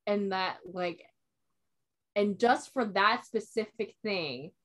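A woman's voice: mid-range voice, slow, fairly bright tone. A young woman in casual chat, telling a long personal story in a rambling way, filling it with "like" and quoting herself and others.

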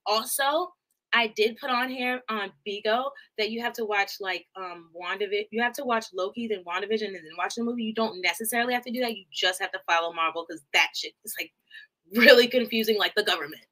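A woman live streamer chatting casually about a movie, rambling and animated, with swearing and laughing asides. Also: mid-range voice, fairly quick. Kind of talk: casual movie recap chat.

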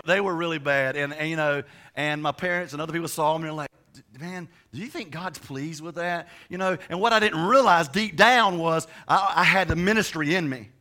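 A man's voice: fairly high pitch, bright, forceful tone. A young adult man, a pastor, preaching a sermon in a chatty storytelling way with many restarts.

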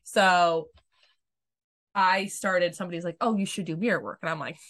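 A woman's voice: fairly low pitch, fairly even intonation, quick pace, a bit bright. A woman coach speaking casually and frankly about her own experience, swearing freely and acting out what she once said to herself. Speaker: self-love coach. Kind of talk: candid personal storytelling.

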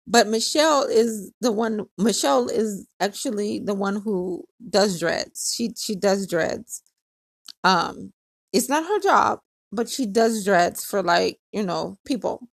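Gravelly chatty woman telling a story. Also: mid-range voice, unhurried, dry recording, studio quality. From Hawaii. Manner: chatty, laughs often, acts out quotes. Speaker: podcast host. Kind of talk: casual storytelling monologue.

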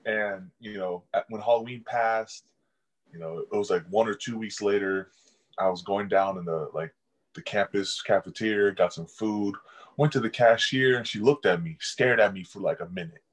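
A man's voice: lowish voice, moderate pace, poor audio. A young man, a college football player, telling casual stories in an interview and laughing often. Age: young adult. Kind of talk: casual storytelling.

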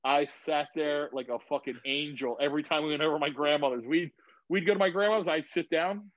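Guy in his 30s telling stories in his garage, swears a lot, kinda high voice, dull lo-fi sound. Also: fast, no echo. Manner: animated storyteller, swears freely, acts out quoted voices. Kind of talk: casual chat. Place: home garage.

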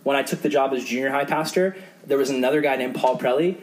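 A man's voice: quick pace, low-quality recording. A young man preaching a youth group sermon as the youth pastor, earnest and conversational. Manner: earnest and conversational, acting out quoted voices in a higher pitch.

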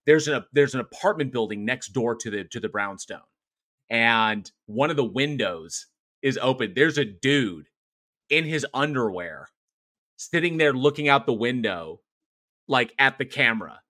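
A man with a bright, clear-edged voice rambles through a casual horror-movie chat. He swears freely and keeps restarting his sentences. He sounds enthusiastic and unpolished, like a podcast co-host. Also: mid-range voice, measured pace. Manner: animated, profane, rambling with restarts. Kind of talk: casual film discussion.

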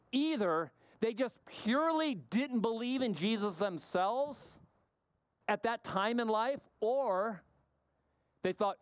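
High-voiced, crisp male preacher. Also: expressive, takes it slowly, dry recording. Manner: emphatic, questioning, varies pace and drops low for weight. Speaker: pastor. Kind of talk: sermon.

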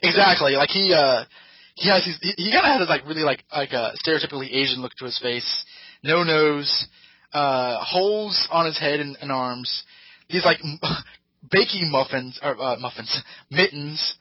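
A man's voice: on the high side, normal speed, breathy edge, no echo, dull audio. A man hosting a podcast, casually recapping an episode with rambling, hesitant storytelling and put-on voices for the characters. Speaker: podcast host. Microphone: podcast microphone.

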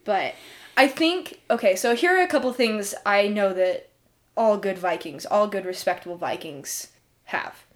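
A woman's voice: mid-range voice, expressive, measured pace. Giggly, playful woman co-hosting a podcast. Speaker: podcast co-host. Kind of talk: casual podcast banter.

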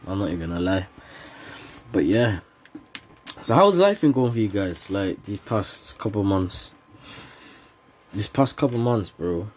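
This teen podcast host has a fairly low-pitched, darkish voice, with slight background noise in the recording. Alone on his casual show, he wanders across topics, cracking jokes, laughing frequently, and talking in slang.

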